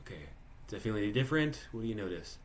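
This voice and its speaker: A man's voice: lowish voice, sing-song, very fast, a little hiss or hum. A man leading a live workshop for musicians, talking conversationally with many restarts and questions to participants. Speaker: workshop leader. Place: online live workshop, video call.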